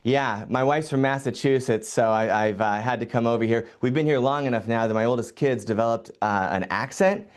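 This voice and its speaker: A middle-aged man speaks as a guest in a casual podcast chat, full of energy and quick to joke. He tells stories in a lively rush and often restarts his sentences. His voice sits at an ordinary pitch. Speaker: lawyer and guest.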